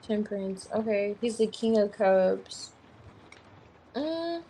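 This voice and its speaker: A woman's voice: mid-range voice, animated, slow pace, mellow, a little hiss or hum, rough recording. A woman giving a tarot reading on a livestream, thinking aloud as she turns over cards. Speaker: tarot reader.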